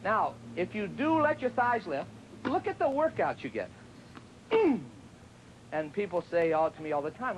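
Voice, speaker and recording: A man's voice: high voice, sing-song, unhurried, slight background noise, rough recording. A man teaching tennis on a TV show in a chatty, joking way, sometimes acting out what his students say. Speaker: tennis instructor. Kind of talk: televised tennis lesson.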